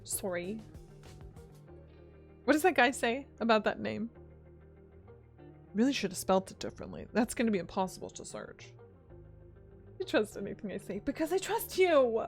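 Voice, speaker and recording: A woman's voice: on the high side, very animated, brisk, creaky, long pauses, soft background music. A woman streaming a video game and chatting casually with her viewers, giggly and teasing. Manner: chatty, giggly, answers chat. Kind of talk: casual live-stream chat.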